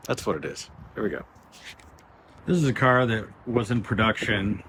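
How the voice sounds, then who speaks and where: A man's voice: fairly low pitch, animated, normal speed, fairly bright tone, a little hiss or hum. A man giving a casual, rambling tour of his large warehouse workshop, sounding frustrated and often restarting his sentences. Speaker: shop owner giving a tour. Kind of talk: casual vlog walkthrough.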